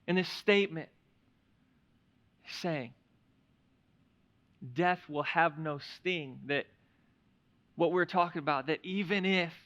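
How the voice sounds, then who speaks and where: A man preaching a sermon as a pastor, moving between hushed, reflective passages and loud, emphatic declarations. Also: on the high side, slow, pauses often, lo-fi sound. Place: church sanctuary.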